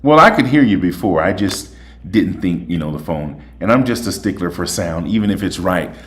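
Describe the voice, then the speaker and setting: Deep-voiced man hosting a casual show. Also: lively intonation, moderate pace. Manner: chatty, folksy, repeats "okay?". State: voice a little tired. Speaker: host. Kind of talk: casual monologue and phone chat.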